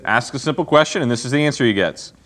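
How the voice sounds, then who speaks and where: A man leads a laid-back Bible lesson for a class. He talks in a lively, joking way and keeps asking his listeners questions. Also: mid-range voice, fast talker.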